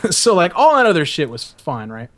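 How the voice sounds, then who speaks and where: A man's voice: a little high, wildly swooping pitch, brisk, background noise. A young man hosting a podcast and telling a story in a casual, profane, rambling way, often laughing. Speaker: podcast host.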